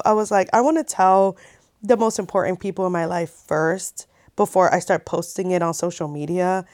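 A woman's voice: lowish voice, no room sound, clean studio sound. A woman in her thirties telling a story in a casual, chatty vlog, full of fillers and swearing. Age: 30s. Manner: chatty, animated, many likes and swears. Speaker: vlogger.

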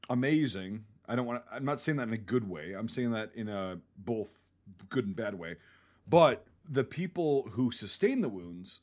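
A man hosting a casual podcast discussion, blunt and animated, swearing freely as he talks through a film. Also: medium pitch, husky. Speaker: podcast host.

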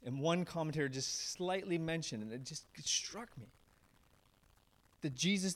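Man preaching with rising and hushed lines. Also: moderate pace, long pauses. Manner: animated storyteller, swings from raised emphatic lines to low hushed ones. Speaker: pastor. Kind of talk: sermon.

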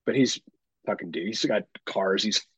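A man co-hosting a podcast, telling a story in casual chat, animated and full of swearing. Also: on the low side, normal speed, husky, no echo. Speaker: podcast co-host. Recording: dull lo-fi sound.

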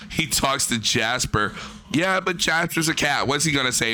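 A young adult man giving profane reaction commentary on a stream, mocking and animated. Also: mid-range voice, moderate pace, dry recording.

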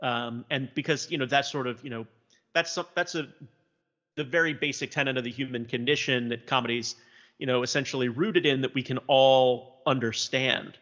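A man's voice: medium pitch, steady tone, moderate pace, fairly bright tone. A man from South Louisiana chatting casually about television, thoughtful and hesitant, with plenty of fillers. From South Louisiana, USA. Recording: dull lo-fi sound with long reverb.

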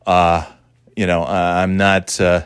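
A man's voice: low-pitched, flat delivery, takes it slowly, clear, resonant tone, dry recording, clean studio sound. A man hosting a solo podcast, rambling in a sarcastic, profane way while talking into his phone as he walks. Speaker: podcast host. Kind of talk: casual solo podcast monologue. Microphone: phone held while walking.

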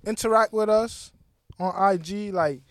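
A young man co-hosting a casual podcast, loud and playful. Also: high-pitched, a little slow, dry recording. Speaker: podcast co-host. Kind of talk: casual chat. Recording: noisy background.

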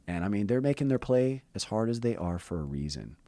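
A man hosting a podcast, rambling in an animated, conspiratorial way in casual chat. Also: on the low side, brisk, no echo. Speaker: podcast host.

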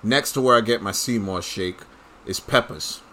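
A man's voice: fairly low pitch, normal speed, a bit bright. A man talking straight to his audience in a casual, blunt and profane rant, full of strong opinions. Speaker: commentator. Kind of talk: casual ranting monologue.

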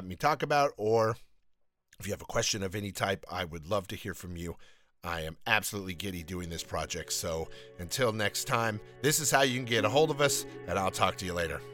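A man's voice: on the low side, fairly bright tone, no room sound. A man hosting his own faith podcast, talking in an earnest, rambling, self-deprecating way. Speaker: podcast host. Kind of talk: casual faith podcast talk.

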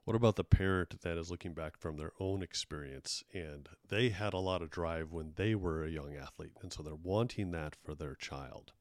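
A middle-aged man with a lowish voice hosts a casual chat. He tells a reflective personal story. The sound is dry and close. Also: normal speed, hardly any pauses, no echo. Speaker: podcast host.

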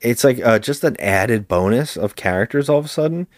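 A man's voice: medium pitch, animated, a little fast, no room sound, clean studio sound. A man co-hosting a podcast, retelling a movie's plot casually with rambling restarts. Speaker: podcast co-host. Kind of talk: casual movie recap chat.

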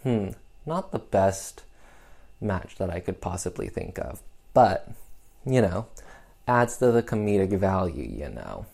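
A man's voice: sits low, sing-song, measured pace, vocal fry, long pauses, darkish tone. Chatty guy rambling through a movie recap, tons of ums, a bit sarcastic. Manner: playfully sarcastic asides. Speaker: podcast host reviewing a film. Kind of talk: casual film recap.

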